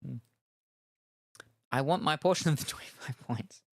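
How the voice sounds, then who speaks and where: A man's voice: on the high side, normal speed, creaky, no room sound. A man streaming games, chatting casually in a rambling, self-deprecating way with lots of ums. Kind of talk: casual chat while gaming.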